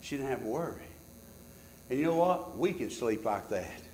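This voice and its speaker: A man preaching a sermon as pastor, swinging from loud shouts to hushed tones. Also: mid-range voice, sing-song, normal speed, slight background noise. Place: church. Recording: echoey church sanctuary.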